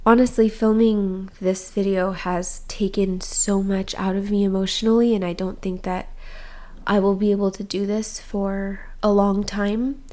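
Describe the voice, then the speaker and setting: A young woman talking candidly to her viewers in a personal vlog, soft and open-hearted, with frequent "um" and "like". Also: mid-range voice, level tone, a little slow. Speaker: vlogger.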